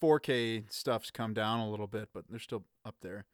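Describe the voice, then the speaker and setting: A man hosting a casual podcast, upbeat and quick to laugh as he runs the segments into a studio mic. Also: fairly low pitch, no room sound. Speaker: podcast host. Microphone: studio mic with pop filter.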